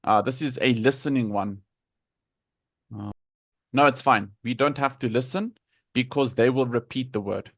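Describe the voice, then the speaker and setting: A man's voice: medium pitch, normal speed, pauses often, a bit bright, no room sound. A man teaching an English vocabulary lesson, patiently repeating words to model their pronunciation.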